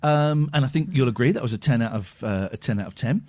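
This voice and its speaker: A male radio host in casual, playful, self-mocking banter, drawling some words and rushing others. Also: mid-range voice, mellow. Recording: lo-fi radio broadcast.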